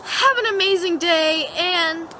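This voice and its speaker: A woman's voice: very high-pitched, unhurried, sharp tone, a little hiss or hum, low-quality recording. A teenage girl vlogger animatedly retelling a dream to camera, giggling often. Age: teens. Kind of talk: casual storytelling to camera.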